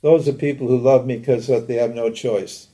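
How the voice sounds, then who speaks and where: A man's voice: mid-range voice, steady tone, normal speed, warm tone. An older man teaching a live lecture in a conversational way, asking rhetorical questions and acting out pleading prayers. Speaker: Vedanta teacher.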